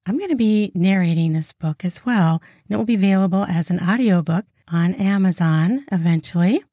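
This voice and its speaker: A woman reading an erotic novella aloud as a podcast narrator, with a slow, soft, unhurried delivery. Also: fairly low pitch, no echo.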